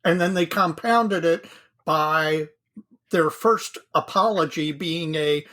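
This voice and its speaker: A man's voice: fairly high pitch, slow pace, a bit bright. A man co-hosting a casual hobby podcast, chatting in an easygoing, self-deprecating way. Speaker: podcast co-host.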